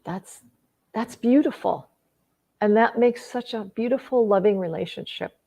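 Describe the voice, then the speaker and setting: A woman's voice: a little high, a little slow. A middle-aged woman relationship coach speaking casually to an audience. She often restarts and repeats words, and she acts out quoted conversations in other voices. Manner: acts out quoted dialogue with lively shifts in voice.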